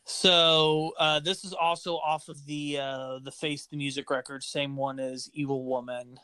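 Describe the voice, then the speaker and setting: A man's voice: on the high side, flat delivery, unhurried, pushed and bright, clear, resonant tone, dry recording. A young man co-hosting a music podcast, talking about songs with enthusiasm and frequent restarts. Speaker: podcast co-host. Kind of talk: casual music discussion.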